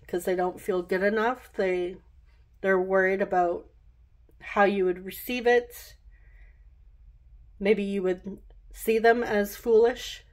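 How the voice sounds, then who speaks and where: A woman with a medium-pitched voice works through a pick-a-card tarot reading in a casual, rambling way. Moving from card to card, she laughs at her own slips and keeps things chatty.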